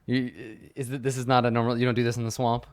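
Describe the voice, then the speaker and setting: A man as game master asking players about their characters, halting with frequent restarts. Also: mid-range voice, level tone, clean tone, dry recording, clean studio sound. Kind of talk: running a tabletop game over a stream.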